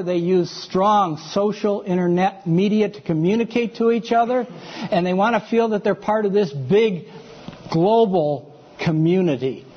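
A man's voice: high-pitched, lo-fi sound. A man giving a sermon-style teaching lecture to a congregation, conversational, often checking in with his listeners. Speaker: preacher.

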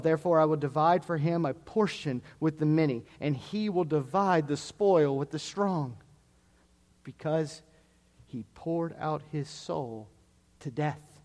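A man preaching a sermon, with a deliberate, earnest expository delivery. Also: a little high, a little mellow. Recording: long hall reverb.

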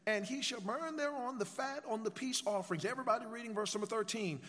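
In a church sanctuary with long reverb, a man with an extremely high, slightly bright voice preaches fast with few pauses. He reads scripture aloud, asks rhetorical questions and leads call-and-response, having the congregation answer and repeat after him.

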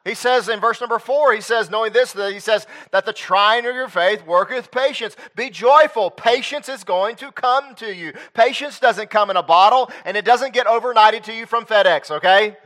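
A man delivers a sermon in a high, bright, ringing voice. He rises to loud, emphatic peaks, then drops to quiet, low asides. Between them he reads scripture aloud in old-fashioned wording. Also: normal speed, hardly any pauses. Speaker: preacher.

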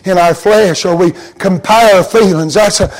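High-voiced fervent male preacher. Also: a little slow. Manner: fervent, swinging from hushed storytelling to shouted emphasis; folksy, plain-spoken preaching. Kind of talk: sermon.

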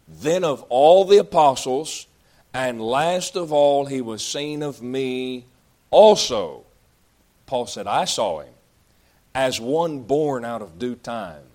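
A man preaching a sermon, reading scripture aloud and explaining it in folksy, conversational asides. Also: medium pitch.

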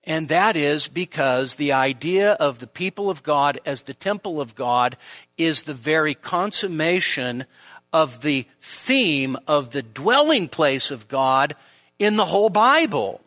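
A male preacher gives a teaching sermon at a church service, taking his time over each point. His voice sits a little high and sounds bright and forceful. He puts rhetorical questions to the congregation and sinks into quiet asides. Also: animated, unhurried. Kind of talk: expository sermon.

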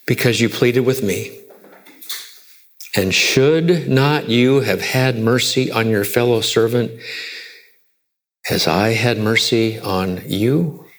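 A man preaching a sermon, emphatic and rhetorical, with repeated questions and wide swings from loud to hushed. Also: mid-range voice, slow pace, long pauses. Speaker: pastor.

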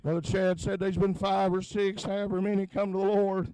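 Man, revival preacher, very high voice, dry sound, rhythmic "huh?" cadence. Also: level tone, fairly quick, dark tone, clean tone, no echo, low-quality recording. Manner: chanting "huh?" between phrases, building intensity. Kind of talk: revival sermon. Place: revival tent meeting. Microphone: handheld microphone.

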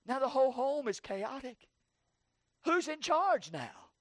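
A man preaching an evening sermon in repetitive call-and-response style, swinging from hushed low phrases to shouted peaks. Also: very animated, unhurried, dry recording.

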